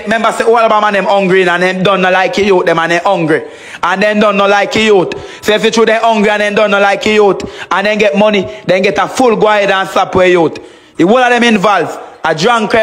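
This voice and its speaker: A Jamaican man pours out an angry, insult-laden livestream rant in a high, quick voice. He repeats himself as he goes, talking into a phone. Faint music hangs underneath. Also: a bit bright.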